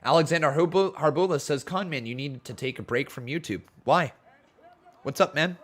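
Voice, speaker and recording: A man's voice: fairly high pitch, moderate pace. Laid-back man with a slightly sore voice. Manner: laid-back play-by-play, reads chat aloud, jumps to hyped shouting. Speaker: live stream host. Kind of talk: casual wrestling watch-along commentary.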